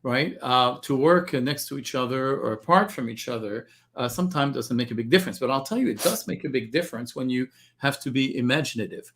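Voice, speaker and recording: A man guest on an interview, explaining technology in a measured way and repeating words as he starts a thought. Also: mid-range voice, fairly bright tone. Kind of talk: interview answers.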